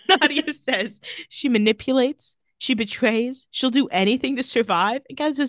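A woman's voice: high voice, normal speed, dry recording. A woman co-hosting a podcast, casually recapping TV scenes with quoted lines and dry asides. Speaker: podcast co-host recapping a TV episode. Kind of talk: casual chat.

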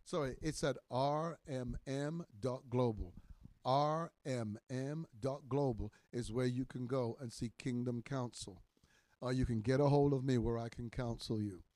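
A man in his sixties, a minister teaching in a podcast sermon, emphatic and repetitive, his voice swelling loud on key words. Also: medium pitch, no room sound. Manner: repeats phrases for emphasis.

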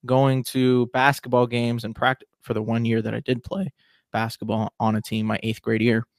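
A man's voice: medium pitch, flat delivery, normal speed, no room sound, studio quality. A man in his twenties hosting a solo podcast, talking casually and with strong opinions. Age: 20s. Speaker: podcast host.

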